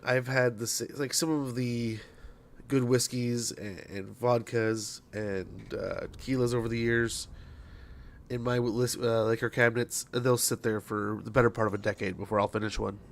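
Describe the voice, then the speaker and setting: A man's voice: medium pitch, a little hiss or hum. A man in his thirties, a game streamer, telling a long rambling story with many restarts. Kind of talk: casual storytelling chat.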